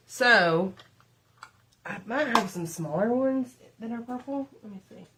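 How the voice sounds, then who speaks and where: Here a middle-aged woman rambles through casual stories for her livestream audience, calling them "y'all" while applying makeup. Her voice is a little high and a bit bright, expressive and measured in pace, with slight background noise.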